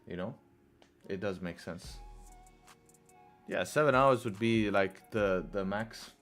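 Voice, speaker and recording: A man's voice: on the low side, slow pace, a bit bright. A young man hosting a live trading stream, chatting casually and answering viewers' questions as he goes. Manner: laid-back, chatty, reads chat aloud. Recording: faint music behind.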